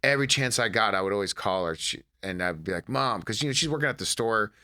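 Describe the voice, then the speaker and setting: A man from Detroit talking in a casual interview with a lowish, bright, forceful voice. He tells family stories with animation and slips into quoting his mother. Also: fast, clear, resonant tone. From Detroit, USA. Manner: animated storyteller, acts out his mother's lines. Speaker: comedian guest.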